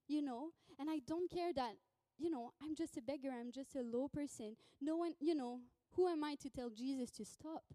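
A woman in a sermon voicing a desperate blind male beggar who pleads and shouts out excitedly. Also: high voice, no echo.

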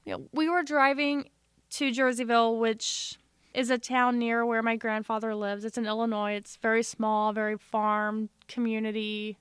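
A woman's voice: on the high side, flat delivery, normal speed, fairly bright tone, clean tone, no room sound, studio quality. A young woman co-hosting a podcast, telling a story in a chatty, sarcastic way. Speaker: podcast co-host. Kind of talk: casual chat.

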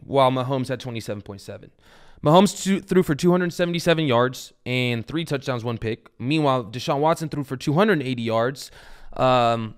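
A man's voice: fairly high pitch, clean tone. A young man hosting a fantasy football show, rambling casually and swearing now and then. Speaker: podcast host.

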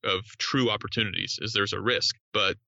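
Emphatic man with a bright, forceful voice. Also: fairly low pitch, a little fast, vocal fry, dry recording, dull audio. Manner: emphatic, repeats phrases, rising excitement on key points. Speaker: hostage negotiator guest. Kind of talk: podcast interview, teaching negotiation.

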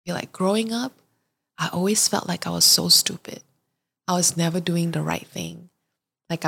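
A woman's voice: fairly low pitch, vocal fry, husky. A young woman, hosting a podcast and telling a candid, confessional story in chatty fashion. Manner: chatty and confessional, often acts out her own reactions. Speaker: podcast host.

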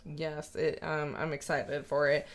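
A woman co-hosting a casual movie podcast, relaxed and quick to laugh. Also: deep voice. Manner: laid-back, laughs often. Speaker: podcast co-host. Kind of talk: casual chat.

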